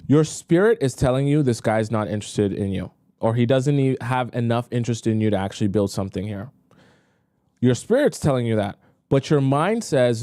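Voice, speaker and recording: A man's voice: medium pitch, lively intonation, moderate pace, dark tone, no room sound. Man, young adult, dating coach, blunt livestream commentary, dry close mic. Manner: blunt, talks straight to women viewers.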